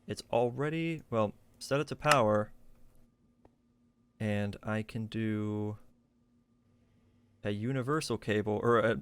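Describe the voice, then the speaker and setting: A man's voice: lowish voice, clear, resonant tone, no echo. A man streaming a game live, talking through what he builds in a chatty, eager way from a hot room at home on a desk microphone. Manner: chatty, eager, thinks aloud while building. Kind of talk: live gameplay commentary.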